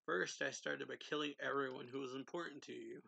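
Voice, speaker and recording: Man reading as a sing-song cruel vampire noble, bright and gravelly. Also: mid-range voice, fairly even intonation, a little fast, heavily acted, rough recording. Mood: taunting.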